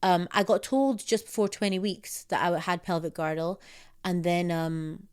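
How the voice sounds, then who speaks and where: A young woman vlogger telling a personal story to camera in a casual, animated way, acting out her own past reactions in higher bursts. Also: normal speed, clear, resonant tone. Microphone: close mic.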